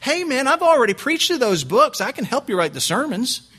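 A man's voice: very high voice, very animated, fairly quick, sharp tone, husky, pitched above the performer's own voice, exaggerated voice. A man doing an impression of a casual, upbeat preacher friend who keeps saying "man". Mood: breezy. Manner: casual, breezy, says "man" a lot.

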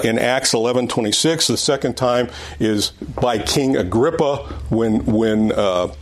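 A middle-aged man teaches an adult Sunday school class conversationally, often restarting phrases and repeating his points. His voice is mid-range, with a little hiss or hum in the recording.

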